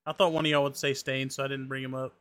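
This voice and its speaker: A man co-hosting a casual podcast chat, teasing his friends in relaxed banter. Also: medium pitch, fast talker, clear, resonant tone, no echo. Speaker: podcast co-host. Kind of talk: casual card-game chat.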